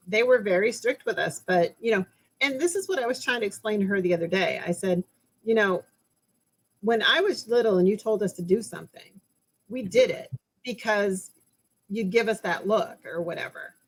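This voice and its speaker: A woman's voice: mid-range voice, rough recording. A woman who owns dogs, a podcast guest, rambling as she remembers and tells stories in casual chat. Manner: rambling, reminiscing with restarts. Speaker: guest, dog owner.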